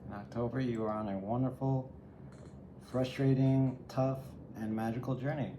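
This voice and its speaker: A man with a mellow, mid-range voice gives a solo tarot reading, musing reflectively and speaking directly to the viewer. His intonation stays fairly even and his pace moderate. The room is echoey, with faint ambient noise.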